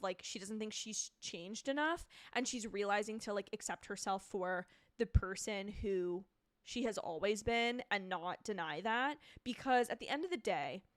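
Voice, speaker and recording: An excitable young woman hosts a live reaction stream, gushing and rambling as she answers viewer comments. Her voice sits in a middle range for a woman. The sound is dry and close, with no room echo. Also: mid-range voice, moderate pace. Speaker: TV reviewer hosting a live stream.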